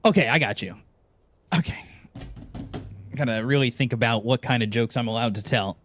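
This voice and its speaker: An esports caster with a mid-range male voice speaks at a normal speed, with a little hiss or hum in the background. He chats casually on air and tells long, animated jokes between matches.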